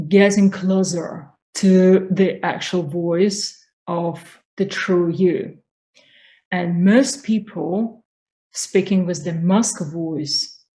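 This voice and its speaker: A woman coaching on spiritual growth, speaking slowly and calmly. Her voice sits a little low, and she explains each point patiently and deliberately. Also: rough recording. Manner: slow, calm, explanatory. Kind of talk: instructional talk on voice.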